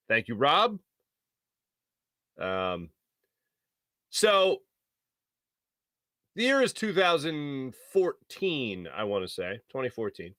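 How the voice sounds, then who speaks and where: A male sports radio host, telling a story on air in an animated way. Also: medium pitch, dry recording. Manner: animated storyteller, mimics shouting voices. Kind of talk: storytelling on a sports talk show. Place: radio studio.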